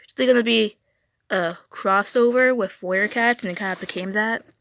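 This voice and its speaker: A woman's voice: medium pitch, moderate pace, gravelly, fairly bright tone. A teenage girl chatting casually while drawing on a livestream, rambling, stuttering and correcting herself often. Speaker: streamer. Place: home room.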